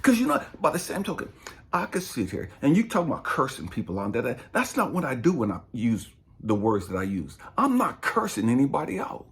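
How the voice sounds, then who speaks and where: A man's voice: medium pitch, huge pitch swings, fairly quick. A middle-aged man, a spiritual coach, preaching in an impassioned, emphatic way and swearing freely. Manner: profane, emphatic, passionate.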